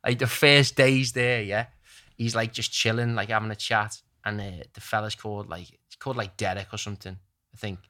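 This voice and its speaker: A man's voice: on the low side, fairly even intonation, a little fast, pushed and bright. A young man telling a long story in casual chat, rambling and full of slang.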